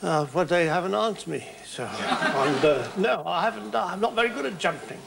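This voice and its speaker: A man's voice: high voice, expressive, normal speed, vocal fry, heavy background noise. A man in his seventies, a comedian guest on a television talk show, telling anecdotes in a rambling, playful way with stammering restarts. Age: 70s. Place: television studio with live audience. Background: audience laughter.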